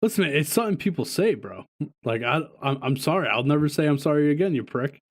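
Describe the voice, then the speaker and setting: A man's voice: a little high, expressive, quick pace. Profane, laughing podcast co-host man. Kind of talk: casual podcast chat.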